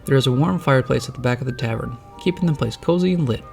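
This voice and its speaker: A man narrating a novelized story in a steady, descriptive reading. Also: medium pitch, fast talker, gravelly, soft background music.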